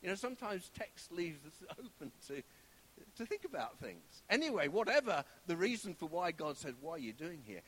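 Animated preacher, high lively voice. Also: male voice, moderate pace, slight background noise. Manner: animated storytelling, drops to a hushed whisper for God's voice. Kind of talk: sermon.

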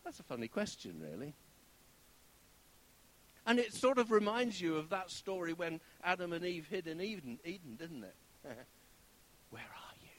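A man preaching a sermon, telling a story with animated shifts and sometimes dropping to a hushed whisper. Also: high-pitched, moderate pace.

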